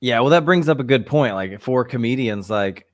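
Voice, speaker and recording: A man's voice: medium pitch, animated, moderate pace, dry recording, studio quality. A man co-hosting a podcast, reflecting aloud in an easy conversational way. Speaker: podcast co-host.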